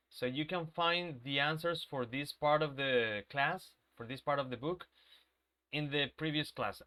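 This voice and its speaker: This man's voice is mid-range, smooth, and sharp in tone. An English teacher nursing a sore throat, he leads a live online class, patiently checking on his students and going over important points again.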